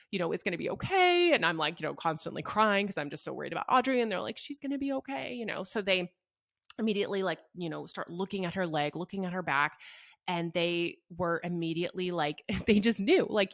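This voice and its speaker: A young woman talks through a personal story in an easygoing, earnest voice that sits a little low. Her speech is loose and chatty and full of fillers. The sound is dry and close. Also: dry recording. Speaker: mother telling her birth story. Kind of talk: casual storytelling.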